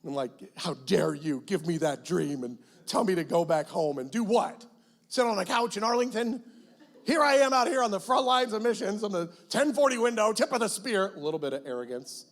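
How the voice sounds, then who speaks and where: Animated man preaching a testimony. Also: fairly high pitch, fairly quick. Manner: animated storytelling, acts out his prayers with sudden loud cries. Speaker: guest pastor. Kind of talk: sermon testimony. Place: church sanctuary.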